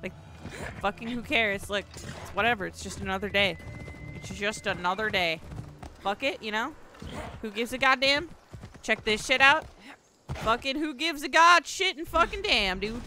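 A woman streaming a video game, commenting on her play in an excitable way, swearing freely and laughing often. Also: on the high side, normal speed, pauses often, a little hiss or hum. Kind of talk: live gameplay commentary.

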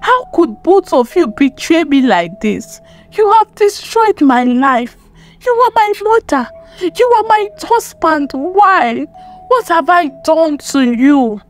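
A woman's voice: sits high, sing-song, measured pace, a little mellow, faint music behind. A woman voicing a betrayed young wife, emotional as she pleads and accuses. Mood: furious.

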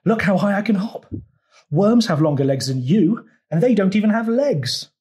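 A boastful storybook frog who takes offence easily, as a man reads him out. His voice jumps up high and loud, with a teasing, indignant bite. The pitch leaps around a great deal from one line to the next. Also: big pitch swings, moderate pace. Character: boastful, touchy male frog.

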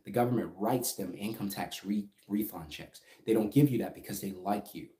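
A middle-aged man teaches business in a casual, emphatic way and keeps checking in with his listeners. His voice sits low and mellow. The sound is roomy and echoey. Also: normal speed. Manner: emphatic, keeps asking "right?". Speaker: business coach. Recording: echoey room.

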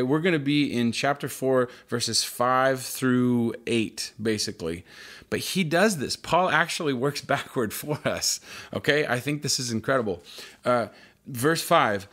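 A man's voice: mid-range voice, a bit bright. Earnest conversational male pastor preaching. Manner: repeats key phrases for emphasis. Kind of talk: sermon.

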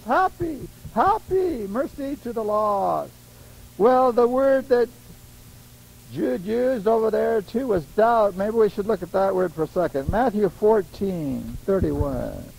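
A man preaching a sermon in a lively way, laughing often and acting out the voices of people he quotes. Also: high voice, gravelly, breathy edge, poor audio.

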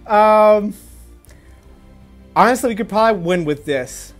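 A man giving casual gameplay commentary, excitable and quick to swear, stammering and restarting when worked up. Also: high-pitched, soft background music. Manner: excitable, swings from gleeful to furious ranting. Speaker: gaming YouTuber.

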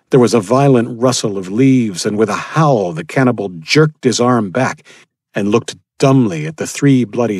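A man narrating a thriller audiobook in a steady, grim storytelling manner. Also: lowish voice, breathy edge, no echo, clean studio sound. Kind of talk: scripted narration.

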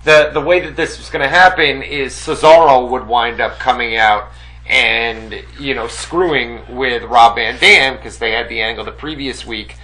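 A man co-hosts a casual radio talk show at an ordinary, middling pitch. He walks through what happened step by step, and he fills the gaps with uhs and quick rights. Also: pushed and bright, rough recording. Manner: recaps events, frequent uh and right. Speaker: co-host.

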